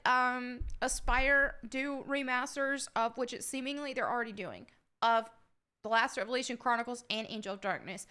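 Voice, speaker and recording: A woman's voice: a little high, sharp tone, clear, resonant tone. A woman with a slight Southern American accent, from upstate New York, chatting casually as she reads out and answers her viewers' questions with frequent laughs. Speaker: YouTuber answering member questions. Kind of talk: casual chat.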